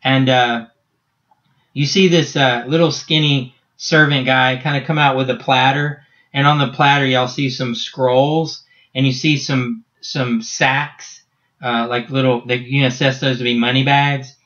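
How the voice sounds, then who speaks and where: A man narrating as game master of a tabletop game, halting with many restarts. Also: mid-range voice, steady tone, fairly bright tone, dull audio.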